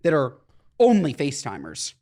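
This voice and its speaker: A man co-hosting a podcast in casual chat, telling stories in an animated, exasperated way. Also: on the high side, normal speed, vocal fry. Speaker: podcast co-host.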